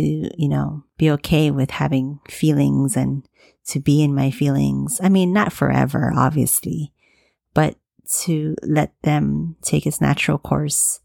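A woman in her thirties speaks in a very low, gravelly voice, taking her time in a candid, confessional way. Soft fillers and restarts run through her reflective monologue, recorded close and dry. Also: no room sound.

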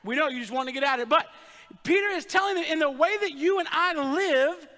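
A man's voice: extremely high pitch, sharp tone. A man pastor, giving a sermon in a church in a chatty, joking way and teasing the congregation. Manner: joking, conversational preaching with quick asides to the crowd. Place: church sanctuary. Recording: long hall reverb.

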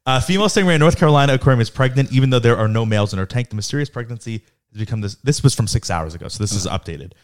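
A young podcast co-host reads news items aloud and jokes with his friends in casual chat, laughing often. His medium-pitched voice is animated and racing, with hardly any pauses.

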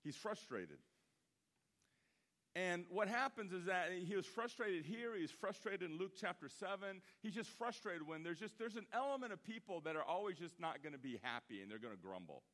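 A man in his fifties delivers a sermon with a lively, swooping delivery and a slightly raised voice. He tells stories with big emphatic swells that drop into quiet asides. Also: sits high, moderate pace. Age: 50s. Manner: animated storytelling, swinging from loud emphatic bursts to hushed asides. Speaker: pastor.

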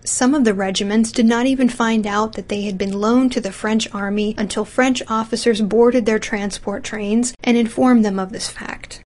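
A woman reading a scripted history narration in an even, measured way. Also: medium pitch.

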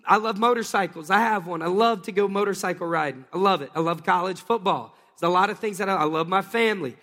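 A man with a high, light voice delivers an energetic sermon, calling out to the congregation and waiting for their answers. His words ring out with a long, reverberant tail, as in a large church hall. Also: quick pace. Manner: energetic, calls for crowd responses. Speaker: pastor. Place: church sanctuary.

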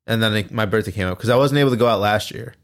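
Relaxed male co-host who reacts with laughs and short casual replies. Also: lowish voice, racing. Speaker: podcast co-host. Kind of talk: casual chat.

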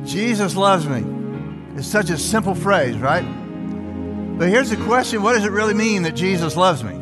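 Older male pastor, high voice, reverberant hall. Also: lively intonation, moderate pace. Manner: conversational, asks the congregation questions. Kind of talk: sermon. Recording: long hall reverb with faint music.

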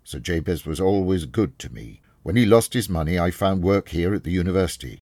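A man's voice: sits low, fairly quick, darkish tone, dry recording, voice pushed up. Man reading as a humble, loyal old servant. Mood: earnest. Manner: humble, earnest. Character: loyal older male servant, humble and earnest.

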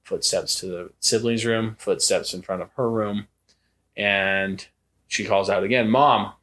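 A young man telling a ghost story in a relaxed podcast chat, with a fairly low voice. He acts out each quoted voice and the creaking steps with lively emphasis. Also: a little slow. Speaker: podcast co-host. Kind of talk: casual storytelling.

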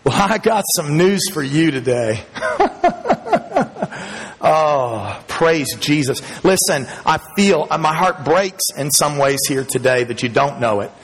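High-voiced pastor preaching in a reverberant hall. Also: male voice, lively intonation, unhurried, few pauses, husky. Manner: emphatic, builds in pitch and loudness, chuckles between points. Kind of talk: sermon. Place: church in front of a congregation.

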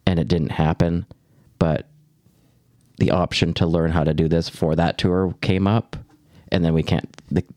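Deep-voiced man hosting a podcast. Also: a little slow, no room sound, clean studio sound. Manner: joking, reads the synopsis in a plain steady way. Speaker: podcast host. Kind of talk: casual chat and plot recap.

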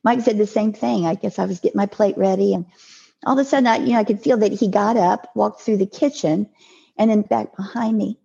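An older woman telling a personal story as a podcast guest, in a halting way with restarts and repeated words. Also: medium pitch, vocal fry, dark tone, slightly rough, muffled recording. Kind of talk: emotional personal storytelling in an interview.

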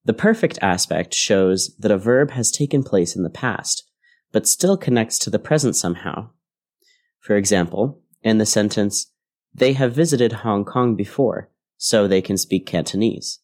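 A man with a low, deep voice teaches English grammar on a podcast. He reads his scripted lesson in a clear, measured way. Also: expressive, darkish tone. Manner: clear, measured explanatory delivery.

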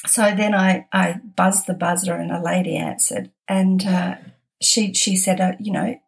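A woman with an Australian accent telling a lively personal story, acting out the dialogue and laughing often. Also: fairly low pitch, unhurried, creaky. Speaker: podcast host. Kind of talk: storytelling monologue.

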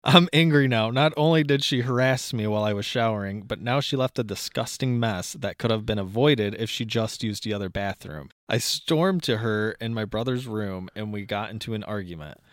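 A man's voice: on the low side, normal speed, few pauses, no echo, clean studio sound. A man co-hosting a casual podcast, reading a post aloud and reacting with frequent laughs. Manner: laughs often, animated when reacting. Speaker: podcast co-host.

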